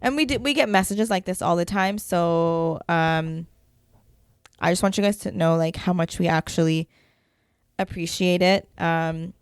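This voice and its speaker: A young woman with a slightly low voice co-hosts a casual podcast. She chats freely and reads listener messages aloud with her own asides. The sound is dry and close to the mic. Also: unhurried, clean tone, no room sound. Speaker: podcast co-host. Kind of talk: casual chat.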